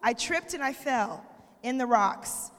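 A woman from Arizona, with a slightly high voice, tells a chatty story full of self-mocking humor to her church. Her voice echoes with a long reverb across the hall. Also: animated, unhurried, fairly bright tone. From Arizona, USA. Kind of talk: casual storytelling to a congregation.

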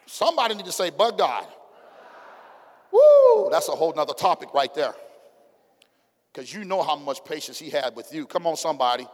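A middle-aged male pastor with an African American Vernacular English accent, preaching a sermon with call-and-response and swinging from hushed to shouting. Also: fairly high pitch, big pitch swings, a little fast. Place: church sanctuary. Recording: long hall reverb.

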